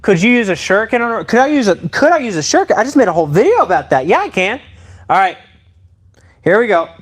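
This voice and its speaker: An excitable man talks straight to his live-stream viewers in a playful, running commentary. His voice sits a little high and swings widely up and down as he reacts. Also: fast talker, slightly rough. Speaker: live streamer demonstrating weapons.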